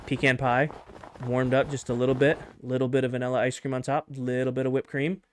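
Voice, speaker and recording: A man's voice: mid-range voice, steady tone, quick pace, slight background noise. A man streaming a game, chatting casually, reading out and reacting to viewers' answers with playful opinions. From United States. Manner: reads viewer replies aloud, playful and opinionated. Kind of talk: casual livestream chat over gameplay.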